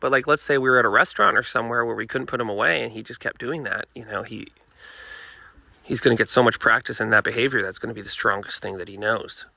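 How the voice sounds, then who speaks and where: Dog trainer guy, gravelly and kinda forceful, earnest, keeps saying folks and you know. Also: mid-range voice, fast talker, no room sound. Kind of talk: casual instructional talk to camera. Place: indoors with dogs nearby.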